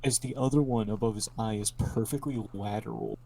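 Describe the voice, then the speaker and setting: A man's voice: lowish voice, fairly quick, mellow. A teenage boy joking his way through a class history podcast with friends, talking over them. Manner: joking, jumpy, talks over others. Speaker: student presenter. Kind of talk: casual class project podcast.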